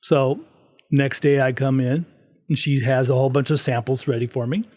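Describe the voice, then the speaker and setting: A man's voice: mid-range voice, normal speed. A middle-aged man, a podcast guest, telling a story in casual chat and acting out the quotes. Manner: animated storyteller, acts out quotes.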